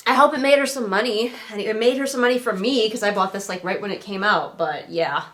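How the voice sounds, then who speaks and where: A woman's voice: mid-range voice, a little fast, fairly bright tone. Snarky nasal woman reviewing a book. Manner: sarcastic, snarky. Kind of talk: casual critique vlog. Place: home, sitting in a chair.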